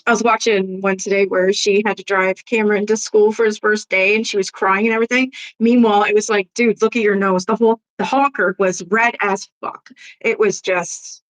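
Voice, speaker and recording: A woman's voice: medium pitch, steady tone, moderate pace, poor audio. A woman hosting a casual live stream who talks bluntly, swears freely, laughs often and answers viewer comments. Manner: blunt, profane gossip with frequent laughs. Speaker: livestream host.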